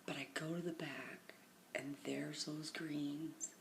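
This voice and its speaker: A middle-aged woman with a low, gravelly voice recounts her day in a loose, rambling way, worn out and often sinking to a near whisper. It is recorded on a phone, with faint noise behind her. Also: steady tone, slow pace. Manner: often drops to a hushed half-whisper. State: tired. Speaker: vlogger. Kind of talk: casual rambling storytelling. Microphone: phone camera.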